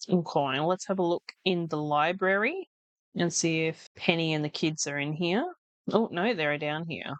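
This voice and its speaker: A woman's voice: low-pitched, moderate pace, no room sound, dull audio. A woman hosting a farming game let's play, with chatty, wry asides and laughing at herself. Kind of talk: casual gameplay commentary.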